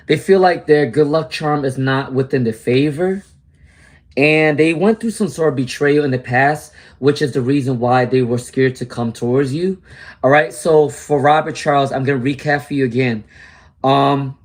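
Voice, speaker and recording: Male tarot streamer, casual and chatty, reads for viewers live, mid-range voice. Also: medium pitch. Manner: chatty, answers viewers by name, mutters while searching.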